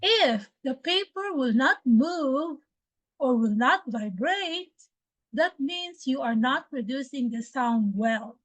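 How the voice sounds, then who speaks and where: A woman from the Philippines with a Filipino accent, teaching English pronunciation slowly and deliberately, repeating words for drills. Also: high voice, lively intonation, fairly bright tone, no echo, low-quality recording. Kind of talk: pronunciation lesson.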